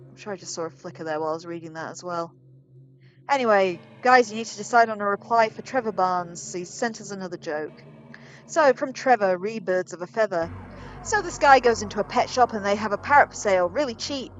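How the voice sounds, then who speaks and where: A woman's voice: mid-range voice, a little fast, poor audio. A woman playing a video game, reading its emails and jokes aloud with casual, wry remarks. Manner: casual, wry, reads jokes with put-on voices. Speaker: let's play gamer.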